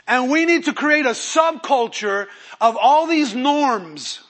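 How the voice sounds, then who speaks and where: A man preaching to his congregation in a high, bright voice. He moves between slow, loud emphasis and hushed, quick asides, and he acts out the people he quotes. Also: lively intonation. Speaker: pastor. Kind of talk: sermon.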